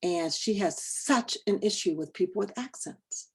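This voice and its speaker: A woman leads a training session over a video call, talking conversationally and checking in with the group through quick questions. Her voice is mellow and relaxed. It sits at a middle pitch. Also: slightly rough. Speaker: workshop trainer.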